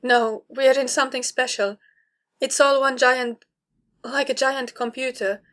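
A woman reading the part of a grieving wife in a story, with soft, soothing speech. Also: sits high, steady tone, unhurried. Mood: earnest.

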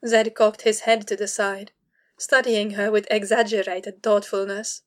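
A woman narrating a story aloud in a measured, even storytelling manner, as in an audiobook. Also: medium pitch. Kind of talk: audiobook reading of fan fiction.

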